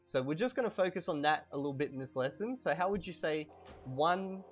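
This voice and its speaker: A man's voice: a little high, dull audio, soft background music. Chatty man teaching while gaming. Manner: relaxed, chatty, repeats words slowly for emphasis. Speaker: language teacher. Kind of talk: casual lesson while playing a video game.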